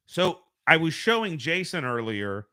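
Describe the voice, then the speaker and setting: An American man is the host of a casual home live stream, heard through his home streaming microphone. His voice sits on the high side, very animated, pushed and bright, and he's in no hurry. He rambles conversationally and keeps fixing his own wording.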